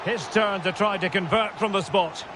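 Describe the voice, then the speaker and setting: A man giving scripted football commentary in a video game, brisk short calls that rise at big chances. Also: high voice, lightly acted. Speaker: play-by-play commentator. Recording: loud game crowd noise behind.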